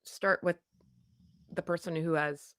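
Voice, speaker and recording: A woman from Canada hosting a casual livestream from home, chatty and self-deprecating, greeting viewers by name in a loud voice. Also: on the low side, steady tone, slow, dry recording, studio quality. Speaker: livestream host. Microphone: desk microphone.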